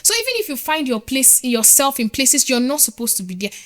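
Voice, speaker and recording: A woman's voice: sits high, big pitch swings, a little fast, a bit bright. A woman, a nurse speaking as a podcast guest, earnest and emphatic, repeating her points to drive them home. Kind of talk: motivational interview talk.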